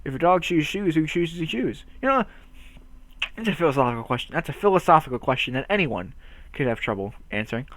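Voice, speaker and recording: A playful man in a casual vlog, racing through tongue twisters and tripping over the words. His voice sits a bit high and swings up and down a lot, and the sound is dry and close. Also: sing-song, fairly quick, no room sound. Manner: playful, stumbles and swears, laughs at himself. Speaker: channel host.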